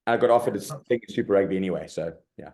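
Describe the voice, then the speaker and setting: A middle-aged rugby coach from South Africa, chatting in a loose, colloquial way and peppering his stories with "mate" and "like". His voice sits low and sounds mellow and dark. He talks with animated energy. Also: very fast. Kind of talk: casual interview storytelling.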